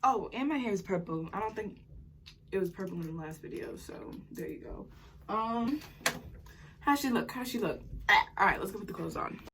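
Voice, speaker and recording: A woman's voice: mid-range voice, slight background noise. Jittery, rambling nineteen-year-old woman. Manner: excited, rambling, fast-talking. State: jittery from coffee. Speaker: vlogger. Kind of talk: casual vlog chat. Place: home while getting ready.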